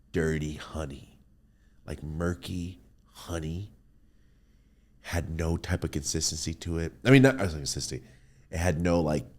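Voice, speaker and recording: A man hosting a podcast, telling loose, profane stories in a casual chat and acting out what people said. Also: sits low. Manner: loose, profane, animated storytelling with acted-out quotes. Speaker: podcast host.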